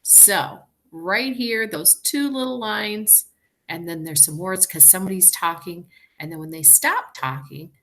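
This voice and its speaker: Slow, bright-voiced woman teacher. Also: on the low side. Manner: slow, clear and encouraging, sounding out words. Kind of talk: reading lesson for young children.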